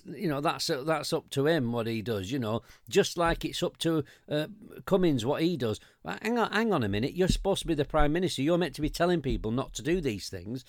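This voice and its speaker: A man's voice: on the high side, fairly quick, hardly any pauses, dry recording. Ranting English man, dry close sound. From England. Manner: animated, swearing, frequent restarts and mocking quoted voices. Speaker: podcast co-host. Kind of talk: ranting casual chat.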